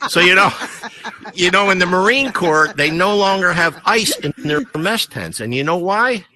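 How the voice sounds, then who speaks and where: A man's voice: sits high, moderate pace, crowd noise, rough recording. A man with an American accent doing stand-up comedy as a veteran, telling folksy military jokes in a virtual reality comedy club. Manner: folksy joke-telling, lively ups and downs.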